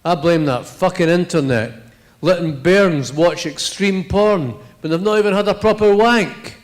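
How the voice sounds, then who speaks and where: A man's voice: high voice, unhurried. A middle-aged man with a Scottish accent giving a live reading of his fiction in a blunt, profane, swaggering first-person voice.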